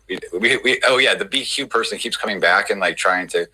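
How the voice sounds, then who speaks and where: Guy rambling fast on a stream, bright voice, easygoing. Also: fairly low pitch, soft background music, rough recording. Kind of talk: casual live-stream chat.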